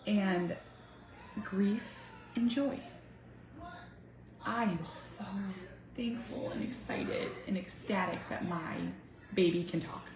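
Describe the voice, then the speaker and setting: A woman in her thirties, a mother talking heartfelt and earnest to her viewers, swinging from soft to emphatic. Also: mid-range voice, takes it slowly, pauses often, background noise. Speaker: vlogger, mother. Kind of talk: heartfelt casual talk to camera. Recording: echoey room with faint music.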